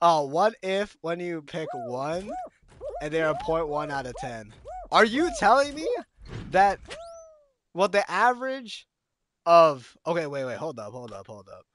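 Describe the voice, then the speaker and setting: Excitable young streamer guy, lively pitch. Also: a little slow, noisy background. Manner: excitable slangy banter, yelling at gameplay. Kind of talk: live gaming stream chat.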